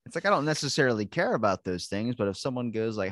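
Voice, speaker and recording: A man with a fairly low voice rambles through a casual podcast chat, cursing freely and slipping into voices as he retells scenes. The sound is close and dry, with no room around it. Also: sing-song, fast talker, fairly bright tone, dry recording. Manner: rambling, profane, acts out voices in stories. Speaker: podcast co-host.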